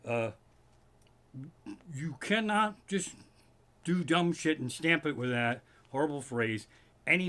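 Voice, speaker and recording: A man hosting a comedy livestream from his living room, ranting in a profane, animated stand-up style. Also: medium pitch.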